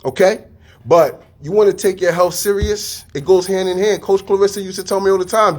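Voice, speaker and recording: A man giving a casual motivational talk, energetic and full of street slang, repeating his phrases. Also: high-pitched, brisk. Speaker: fitness studio staff and podcast host.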